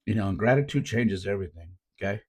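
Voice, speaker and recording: A man with a low, gravelly voice tells stories in an easygoing, heartfelt way. His tone is husky, and he slips "man" into his sentences. He sounds like a youth coach hosting his own podcast. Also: lively intonation, fast talker, a little mellow. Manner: laid-back, says "man" often, earnest. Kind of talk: casual reflective storytelling.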